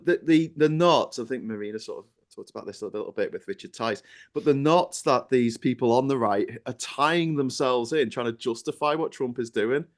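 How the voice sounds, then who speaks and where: A man's voice: medium pitch, moderate pace. A British man co-hosting a casual political chat, ranting with energy, swearing freely and mimicking people in a raised voice. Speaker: co-host.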